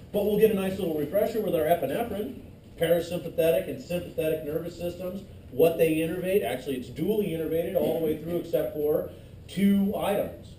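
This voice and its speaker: A male instructor with a high, mellow voice jokes loosely with his students during a classroom lecture. He's recorded from far off in an echoey room, with faint noise.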